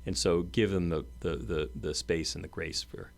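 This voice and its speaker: A man's voice: low voice, fairly even intonation, normal speed. A man co-hosting a casual podcast conversation, explaining ideas in an earnest way and often restarting his phrases. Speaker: podcast co-host.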